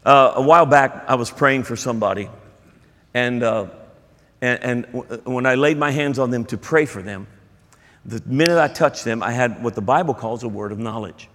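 A male pastor preaches in a church, his mid-range voice fairly bright and his pace moderate. He speaks emphatically and conversationally, tossing asides to his congregation. A long hall reverb hangs on the recording.

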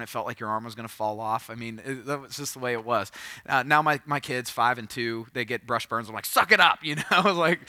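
A man's voice: medium pitch, dry recording. A man in his thirties, a pastor telling a funny, self-deprecating story in a sermon. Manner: humorous, self-deprecating, bursts into loud acted quotes.

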